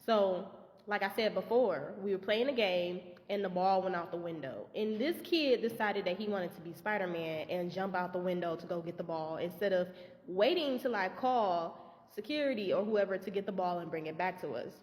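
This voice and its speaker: A young woman, a substitute teacher, tells a story in a casual, animated way and swears freely. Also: lowish voice, normal speed, big-room sound.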